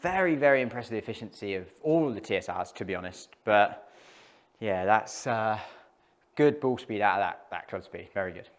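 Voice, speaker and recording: A man's voice: fairly low pitch, animated, moderate pace. Chatty man testing golf drivers. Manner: chatty, thinking aloud between shots. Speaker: golf club tester. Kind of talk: casual hitting commentary. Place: indoor golf studio.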